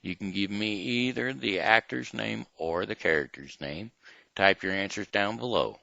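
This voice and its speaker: A man hosting his own casual home show, talking slowly and hesitantly with lots of fillers. His voice is gravelly yet bright-edged. The sound is dry, dull and lo-fi. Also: on the low side, no echo. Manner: rambling, hesitant, many fillers. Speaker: host of a daily home show. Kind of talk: casual rambling chat and story reading.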